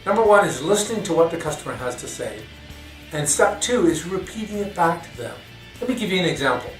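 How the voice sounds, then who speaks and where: A man narrating a customer service training course in a clear, measured way. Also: high-pitched, animated, reverberant, recorded from a distance, faint music behind, low-quality recording.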